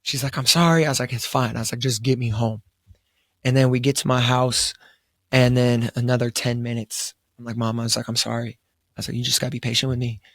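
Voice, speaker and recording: Gravelly young man telling a story. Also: medium pitch, level tone, fairly quick, no echo, studio quality. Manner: laid-back storytelling, quoting himself, frequent fillers and restarts. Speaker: podcast co-host. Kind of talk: casual storytelling chat. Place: studio around a table.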